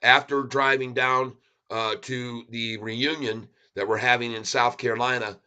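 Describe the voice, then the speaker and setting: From his Michigan home, a channel host chats casually with viewers in a folksy, rambling, heartfelt way. His mid-range voice keeps a steady tone and measured pace, sounding pushed and bright yet clean.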